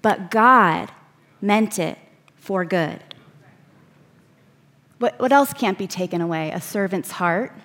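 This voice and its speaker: A woman preaching, reading scripture verses aloud and slowing down to stress key words. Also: medium pitch, lively intonation, fairly bright tone. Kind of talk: sermon.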